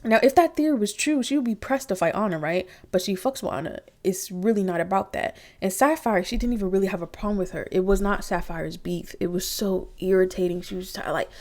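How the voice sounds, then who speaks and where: Animated young woman reviewing reality TV. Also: mid-range voice, brisk, few pauses. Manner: animated, profane, acts out quotes in exaggerated voices. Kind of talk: casual episode review. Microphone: computer mic.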